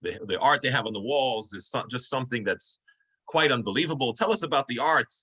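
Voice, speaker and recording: A chorus of curious barnyard animals in a spoken fable as a man puts them on, eager and impatient as they pile on the questions. The voice is bright and keeps pushing for answers. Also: mid-range voice, animated, fairly quick, slightly rough, poor audio.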